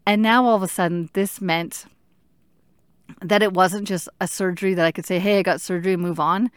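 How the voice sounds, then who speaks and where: Low-voiced woman in her thirties, earnest. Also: fairly even intonation, smooth, no echo, studio quality. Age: 30s. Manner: earnest, halting, searching for words. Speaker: patient sharing her story. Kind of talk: personal storytelling.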